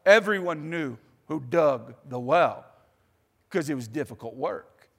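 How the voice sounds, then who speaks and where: A male pastor preaches with a high, very animated voice, telling the story with chatty asides. His voice carries a long reverb through the church. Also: unhurried, vocal fry, husky. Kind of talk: sermon.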